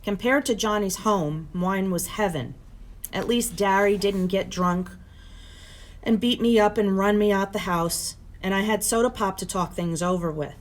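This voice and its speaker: A teacher reading a novel aloud to her students in steady, plain storytelling. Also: medium pitch, measured pace.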